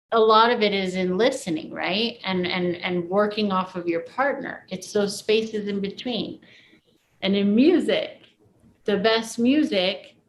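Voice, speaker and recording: A woman's voice: mid-range voice, slight background noise, poor audio. Earnest woman giving spiritual advice. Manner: earnest, reflective, many "like"s. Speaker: class leader. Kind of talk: spiritual coaching talk.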